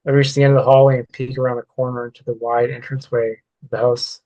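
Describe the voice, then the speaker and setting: Flat-voiced man reading his own story. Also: mid-range voice, fast talker, muffled recording. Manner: plain reading with occasional stumbles and self-corrections. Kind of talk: reading a work-in-progress story aloud.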